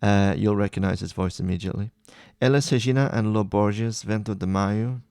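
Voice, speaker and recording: A man hosting a music playlist video, chatting casually through a track-by-track rundown with relaxed, enthusiastic asides. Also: on the low side, fairly quick, clean tone, no room sound, studio quality.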